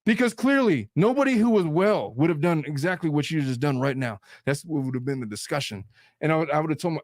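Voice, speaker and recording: A man's voice: on the high side, animated, fast, no room sound, studio quality. A man hosting a casual podcast chat, talking bluntly and animatedly and swearing freely. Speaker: host.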